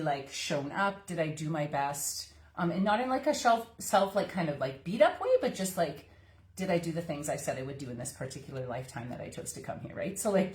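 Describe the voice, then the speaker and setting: A woman coach leads a casual live-streamed masterclass in a fairly low voice. She talks in a loose, rambling way, full of fillers, and laughs often. The sound is roomy and echoey, picked up by a computer mic. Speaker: coach and workshop host.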